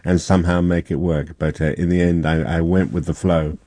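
Deep dark-voiced male journalist. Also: flat delivery, no echo. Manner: halting, restarts words. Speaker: journalist guest.

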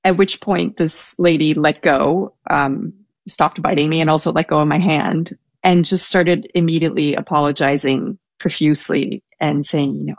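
A woman's voice: low voice, steady tone, normal speed, vocal fry, dry recording, studio quality. A young woman telling a personal story in casual chat, hesitant, with many fillers and restarts. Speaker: storyteller guest. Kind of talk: casual anecdote.

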